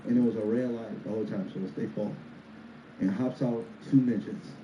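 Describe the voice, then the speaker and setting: A man's voice: on the low side, steady tone, brisk, a little hiss or hum. A man co-hosting a casual podcast, joking and cursing through his banter. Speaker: podcast co-host. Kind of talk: casual chat. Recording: dull, roomy sound from off-mic.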